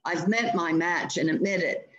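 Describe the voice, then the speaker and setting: A man's voice: fairly high pitch, fairly bright tone, dull audio, natural voice. A male teacher reading aloud, voicing a frightened big-game hunter who wants out. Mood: panicked. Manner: frightened, rushed pleading.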